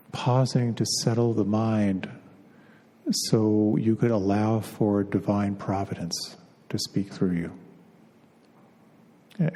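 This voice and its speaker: Man with a low gravelly voice in a reverberant hall. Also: dark tone. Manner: unhurried, halting, often repeats words as he searches. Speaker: meditation teacher. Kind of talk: spiritual talk.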